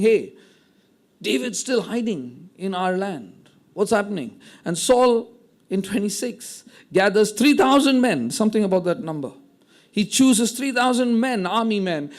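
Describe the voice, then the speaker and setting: A man's voice: high voice, a little mellow. A man preaching a sermon, retelling a scripture story with dramatic quoted dialogue. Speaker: pastor.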